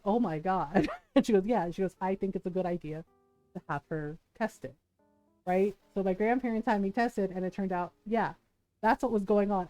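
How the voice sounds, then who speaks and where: Brief: woman streamer, animated storyteller, mid-pitched voice, faint music underneath. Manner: animated, laughs often, acts out quoted people. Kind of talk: casual storytelling while gaming.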